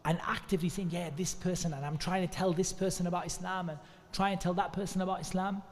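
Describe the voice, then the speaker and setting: A man's voice: high-pitched, little pitch movement, fast talker. A man gives an informal religious talk, conversational with many restarts and asides. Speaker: speaker giving a talk at an Islamic centre. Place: mosque hall. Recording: long hall reverb.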